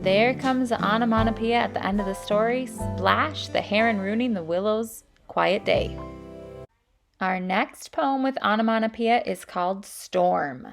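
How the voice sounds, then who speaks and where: A woman teacher giving a reading lesson, reading a picture book aloud with lively sound effects. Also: medium pitch, measured pace, gravelly, music in the background.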